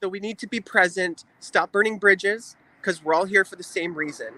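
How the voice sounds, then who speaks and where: A man's voice: high voice, moderate pace, bright, forceful tone, no echo. A man speaking as a guest on a livestream, earnest and emotional, repeating phrases for emphasis. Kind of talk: earnest heartfelt talk.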